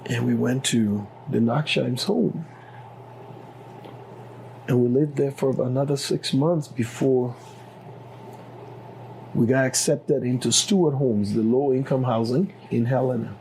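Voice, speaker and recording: A man's voice: mid-range voice, a little slow, vocal fry, pauses often, a little mellow, a little hiss or hum, rough recording. A middle-aged man with a Liberian accent telling his story as an interview guest, acting out the dialogue with animation. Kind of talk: personal storytelling.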